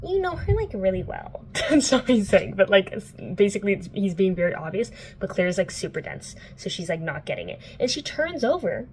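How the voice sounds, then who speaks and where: Young woman, book vlogger, casual plot recap, chatty, playful, mid-pitched, faint background hiss. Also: expressive, fairly quick, few pauses, darkish tone. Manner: chatty, filler-heavy, profane, playful.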